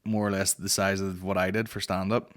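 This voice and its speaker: Sweary podcast host. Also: male voice, sits low, little pitch movement, a little fast. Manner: profane, rambling, sweary banter. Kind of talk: casual comedic rant.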